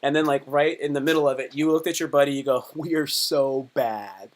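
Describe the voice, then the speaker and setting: A man's voice: a little high, level tone, quick pace. A man doing a casual comedy live stream, talking in a rambling, crude, joking way.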